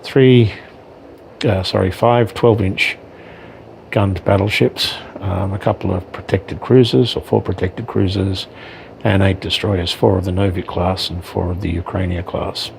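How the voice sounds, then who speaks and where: A man's voice: sits low, steady tone, a little slow, gravelly, a little hiss or hum, rough recording. A man giving casual unboxing commentary on his miniatures, hesitant, with frequent ums and self-corrections. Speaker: wargaming hobbyist reviewing miniatures.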